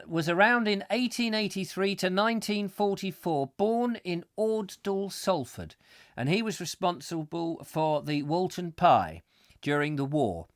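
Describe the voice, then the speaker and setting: A middle-aged Englishman hosts a comic live show, reading viewer comments aloud and drifting into playful, mock-gruesome tangents. His voice sits slightly high for a man, and the recording is close and dry.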